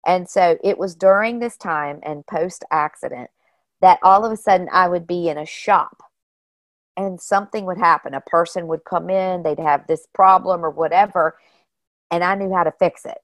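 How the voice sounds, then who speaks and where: A woman guest telling personal stories in a casual, animated way, often saying "you know" and "like". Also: on the low side, moderate pace, no echo. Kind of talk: casual storytelling.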